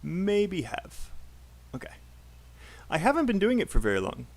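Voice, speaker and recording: A man's voice: high voice, wildly swooping pitch, measured pace. A man with a British accent teaching a live online English class, chatty and encouraging, drilling phrases aloud for students to repeat.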